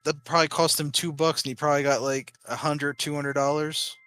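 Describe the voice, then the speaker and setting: A man's voice: on the high side, flat delivery, fairly quick, fairly bright tone, smooth, no echo. A man co-hosting a casual chat, laid-back and mocking as he reacts. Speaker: co-host.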